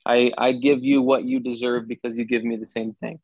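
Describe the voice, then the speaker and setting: A man's voice: mid-range voice, flat delivery, brisk, a little mellow, dry recording. Chatty young man on a dull, dry line. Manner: chatty, restarts sentences often, upbeat. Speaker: sports anchor, podcast guest. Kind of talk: casual podcast chat.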